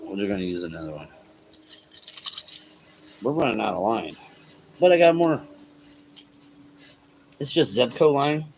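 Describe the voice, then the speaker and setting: Laid-back cursing fishing streamer. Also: male voice, lowish voice, animated, measured pace, vocal fry, long pauses, darkish tone, a little hiss or hum. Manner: laid-back, swears freely, talks to chat. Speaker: fishing livestream host. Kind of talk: casual livestream chat. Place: outdoors on a riverbank.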